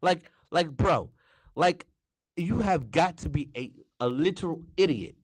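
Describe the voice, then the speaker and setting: A man's voice: fairly high pitch, expressive, a little slow, husky, dry recording. A young man hosting a political talk show, ranting heatedly with constant swearing and stammered restarts. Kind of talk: heated profane political rant.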